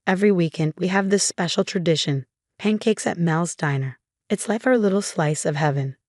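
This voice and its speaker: A woman reading a first-person story aloud in a steady, even narration. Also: lowish voice, moderate pace, no echo, studio quality. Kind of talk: scripted narration.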